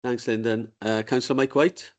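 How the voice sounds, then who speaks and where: A man runs a council committee meeting in a relaxed, easygoing way and jokes with the members. His voice sits at an ordinary middle pitch, with nothing unusual about it. It is picked up by a desk microphone in a meeting room. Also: normal speed. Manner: informal, genial and joking. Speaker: committee chair.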